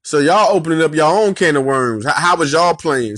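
Philly guy on his sports podcast going off, slangy and loud about it, dry close mic. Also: on the high side, brisk, dry recording. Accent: Philadelphia. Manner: animated, emphatic, slangy, repeats himself. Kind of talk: casual sports rant.

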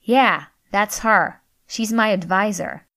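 A woman's voice: mid-range voice, takes it slowly, fairly bright tone. A woman voicing a flustered young male college freshman who pleads and complains in a harried way. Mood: pleading.

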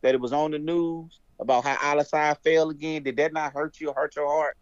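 A man's voice: fairly high pitch, a little fast, clean tone, no echo, dull audio. A man, a veteran guest on a podcast, telling stories in casual chat and acting out the dialogue. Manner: animated storyteller, acts out dialogue.

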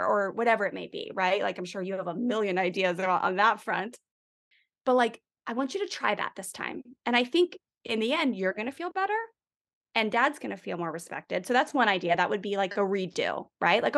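A woman's voice: mid-range voice, a little fast, a bit bright. A woman, a parenting educator, talking casually in an interview with lots of "like" and "right?". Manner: chatty, with many "like" and "right?" fillers.

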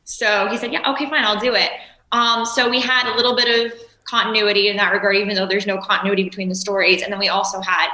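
A woman guest in casual interview chat, telling animated stories and acting out quotes. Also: mid-range voice, fast, hardly any pauses, echoey room, rough recording. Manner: animated storytelling, acts out quotes. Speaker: guest, producer of a remote show.

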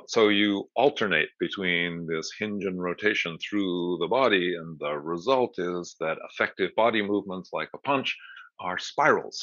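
Older man, bright dull-sounding dry audio. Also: low voice, no room sound. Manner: thoughtful, explanatory, rambling asides. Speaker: movement educator guest. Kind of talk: conversational interview explanation.

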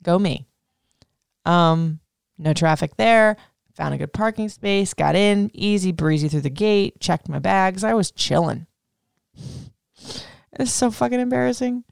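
A woman podcast host tells a personal story in a loose, rambling way, swearing freely and leaning on "like." Her lowish, gravelly voice is still smooth and clear, and she's unhurried. The sound is close and dry, with no room sound.

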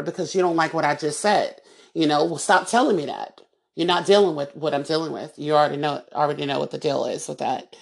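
A woman with a fairly low voice hosts a solo podcast monologue. She talks in a heated, emphatic way, and she often circles back and repeats her words. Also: fairly even intonation, fairly quick, creaky. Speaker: podcast host.

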